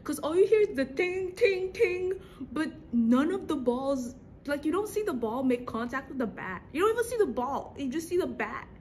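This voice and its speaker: A young woman reacts to a drama episode in a casual, slang-filled chat, often breaking into laughter. Her voice sits high and swoops all over the place. A faint hiss runs under the recording. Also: sing-song, normal speed, darkish tone. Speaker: reaction video host.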